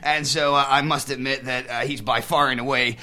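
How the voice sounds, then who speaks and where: A man's voice: mid-range voice, steady tone, fairly quick, sharp tone, close to an everyday voice. A man voicing a crude, wisecracking male puppet guest who makes bawdy puns in a comedy interview. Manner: bawdy punning showman.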